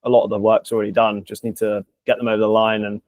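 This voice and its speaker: Laid-back host. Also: male voice, lowish voice, completely flat delivery, fast talker, a little mellow, no room sound. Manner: laid-back, says "like" and "mate" constantly. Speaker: podcast host, business coach. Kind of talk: casual interview chat.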